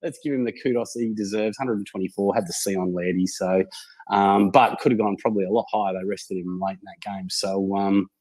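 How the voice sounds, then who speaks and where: A man's voice: fairly low pitch, fairly even intonation, brisk, darkish tone. A man with an Australian accent hosting a casual fantasy football podcast, easygoing and matey, with hesitant restarts. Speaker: host.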